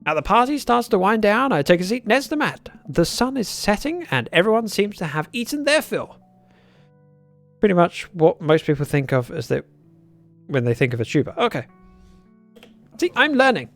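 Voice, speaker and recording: A man's voice: high voice, big pitch swings, moderate pace, a bit bright, faint music behind. A man streaming a game and reading it aloud, chatty and a little worn out after a long session. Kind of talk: livestream game reading and commentary.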